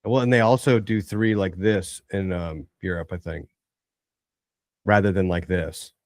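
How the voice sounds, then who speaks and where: Deep-voiced man with deadpan jokes. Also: a little slow, no echo, clean studio sound. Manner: deadpan joking, insistent. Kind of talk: casual group chat.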